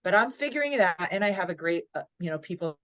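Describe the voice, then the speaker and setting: A woman's voice: on the low side, fast, dull audio. Woman in her forties telling a story. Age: 40s. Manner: lively, acts out her own inner dialogue. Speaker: podcast guest, motivational speaker. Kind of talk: storytelling in an interview.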